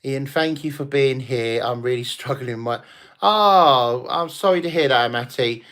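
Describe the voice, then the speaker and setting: A man's voice: mid-range voice, measured pace, fairly bright tone. A man hosting a casual late-night livestream, rambling, swearing and laughing as he chats with viewers after a few drinks. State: tipsy from drinking. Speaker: livestream host.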